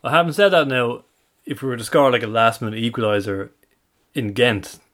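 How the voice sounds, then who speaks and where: Sex: man. Role: podcast co-host. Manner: dry, wry, mid-pitched, conversational. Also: lively intonation, fairly quick, fairly bright tone. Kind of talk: casual football fan chat.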